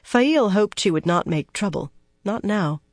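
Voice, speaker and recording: Steady audiobook narrator, dry close sound. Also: mid-range voice, unhurried, no room sound. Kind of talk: scripted fantasy narration.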